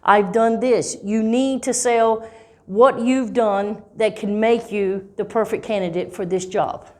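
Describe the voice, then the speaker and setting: A woman teaching English in a clear, deliberate way, stretching key words and checking in with "okay?" and "right?". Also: medium pitch, fairly even intonation, warm tone. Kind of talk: slow, clear teaching talk.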